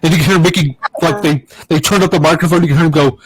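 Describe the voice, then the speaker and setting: A man's voice: a little high, fast talker, slightly rough, poor audio. A middle-aged man co-hosting a podcast, telling a ghost story in a rambling, casual way, with a stuffed-up nose. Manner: rambling storyteller, acts out voices and giggles. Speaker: podcast co-host.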